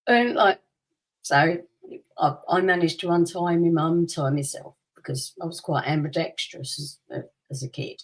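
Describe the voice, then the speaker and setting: A woman, a podcast co-host telling a personal story in casual chat. She tells it with lively energy, acting out quotes and laughing often. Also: low-pitched, measured pace, rough recording.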